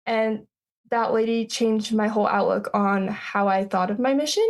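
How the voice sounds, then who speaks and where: A young woman in her twenties tells her own story as an interview guest. Her voice has a noticeable gravelly fry, and her pitch sits mid-range for a woman. She talks in a halting way, full of fillers and restarts. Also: steady tone. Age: 20s. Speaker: podcast guest.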